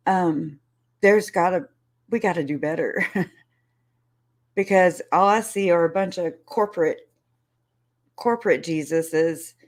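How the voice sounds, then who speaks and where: A woman hosting a casual livestream, rambling and restarting her sentences, laughing between phrases, emotional and close to tears. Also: lowish voice. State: tearful, emotional. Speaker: YouTube channel host.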